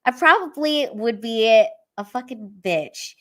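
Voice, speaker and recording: A woman's voice: on the high side, expressive, slow, fairly bright tone. A woman, a comedian hosting a casual livestream, talking candidly and teary, swearing freely. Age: 30s.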